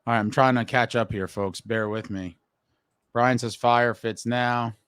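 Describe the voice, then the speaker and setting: A man's voice: mid-range voice, fairly even intonation, measured pace, fairly bright tone, smooth, dry recording. A man hosting a live fan show and reading viewer comments aloud, blunt and frustrated and swearing casually. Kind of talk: casual live-stream talk.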